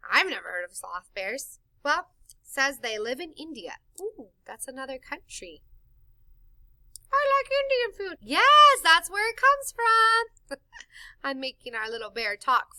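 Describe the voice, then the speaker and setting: A woman reading a picture book aloud to children in an animated, sing-song way, stopping to explain words. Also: high voice, dry recording. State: tickle in her throat. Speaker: storytime reader for children.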